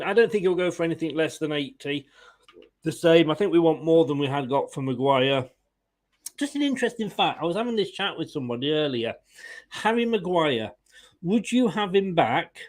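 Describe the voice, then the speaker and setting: Running a laid-back fan live stream, this male host chats, laughs frequently, greets people in the chat and reads their comments out loud. His voice is fairly high but has a darkish tone.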